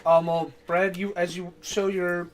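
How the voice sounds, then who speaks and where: Stammering male game master, slightly high voice. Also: little pitch movement, measured pace, slight background noise. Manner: stammering restarts, self-mocking jokes. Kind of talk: narrating a tabletop game on a live stream.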